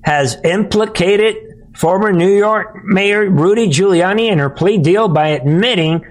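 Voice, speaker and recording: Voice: medium pitch, unhurried. A political commentator giving mocking commentary, sarcastic and often laughing, addressing the viewers as folks.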